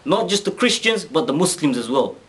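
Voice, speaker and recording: A man casually retelling a story, animated, acting out quoted speech and often restarting his sentences. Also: fairly high pitch, a little fast.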